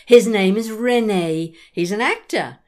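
A woman's voice: mid-range voice, slow, lightly acted. A woman playing a mischievous old gran. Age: older. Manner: dry, mischievous. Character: mischievous elderly grandmother, sharp-witted. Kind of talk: audio drama acting.

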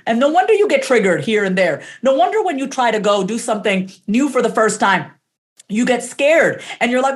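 A woman's voice: on the high side, lively intonation, brisk. Candid, emphatic woman coach. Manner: candid, emphatic, curses freely; acts out her own inner voice in quotes. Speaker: podcast guest, coach. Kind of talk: casual interview talk.

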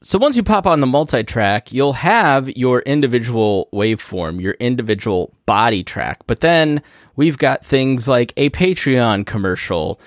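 A man hosting a podcast, casually explaining recording step by step with quick asides, from a studio microphone. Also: medium pitch, animated, dry recording. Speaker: podcast host. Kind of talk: casual instructional talk. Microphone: studio podcast microphone through a mixer.

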